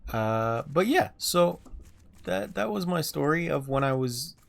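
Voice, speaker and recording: A man's voice: a little high, lively intonation, measured pace, creaky. A man in his thirties chatting casually and rambling while livestreaming a game, chuckling often. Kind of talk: casual chat while gaming.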